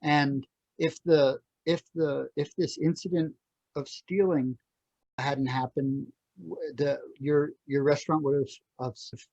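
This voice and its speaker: A male host asking questions haltingly, often restarting them. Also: on the high side, fairly even intonation, a little mellow, no room sound. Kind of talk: interview. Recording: dull, dry, lo-fi recording.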